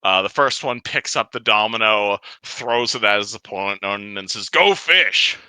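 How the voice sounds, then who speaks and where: A man's voice: lowish voice, fairly even intonation, normal speed, bright, forceful tone, clean tone, no room sound, rough recording. A man narrating a tabletop game as game master, rambling with fillers and restarts.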